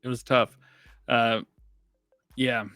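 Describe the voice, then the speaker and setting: A man's voice: mid-range voice, flat delivery, takes it slowly, pushed and bright, dry recording, faint music behind. A man co-hosting a casual gaming podcast, chatty and rambling, laughing often. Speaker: podcast co-host.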